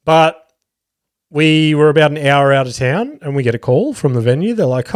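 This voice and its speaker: A man's voice: on the high side, lively intonation, normal speed, dry recording, studio quality. A man in his thirties with an Australian accent, chatting casually on his solo podcast, rambling with plenty of swearing and filler words. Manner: rambling, swears freely, lots of ums and likes. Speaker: podcast host and comedian.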